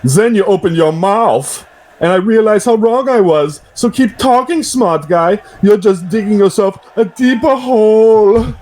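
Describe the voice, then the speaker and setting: A man's voice: high-pitched, measured pace, a little mellow, slight background noise, pitched above the performer's own voice. A man hamming up a sneering wrestler. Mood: taunting. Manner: hammy, clumsy script reading. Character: cocky, sneering male wrestler cutting a promo.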